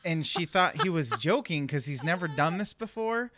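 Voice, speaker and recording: A man's voice: fairly high pitch, lively intonation, moderate pace, sharp tone. A young adult man on a casual podcast, telling a family story with frequent laughs. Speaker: podcast co-host. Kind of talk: casual chat.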